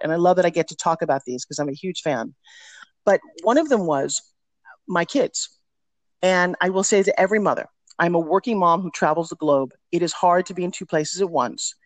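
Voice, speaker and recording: Lively middle-aged woman telling stories. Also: fairly low pitch, no room sound. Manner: energetic, emphatic storyteller. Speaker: podcast guest, personal development teacher. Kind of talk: casual interview storytelling.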